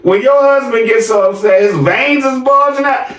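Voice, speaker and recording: A man doing casual reaction commentary, mocking and animated, laughing often as he talks. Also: very high-pitched, moderate pace, echoey room, distant mic. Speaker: reaction streamer.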